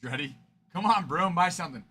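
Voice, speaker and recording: Male stream host, chatty banterer, brilliant bright tone, a touch high. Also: expressive, a little fast, breathy edge. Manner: chatty, teasing banter, fond of the word 'frickin''. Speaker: card-breaking livestream host. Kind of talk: casual livestream chat with viewers.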